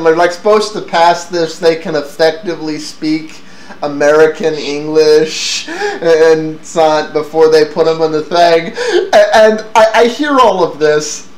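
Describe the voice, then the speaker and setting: A man hosting a casual tech chat, stumbling over restarts and laughing often. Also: high voice. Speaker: podcast host. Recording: echoey room with faint noise.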